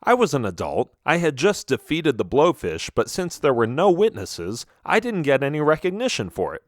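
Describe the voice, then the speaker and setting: A man reads a children's story aloud in the first person, his voice swinging up and down with animated expression. The sound is close and dry, with no room around it. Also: fairly high pitch, normal speed, no echo. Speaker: audiobook narrator.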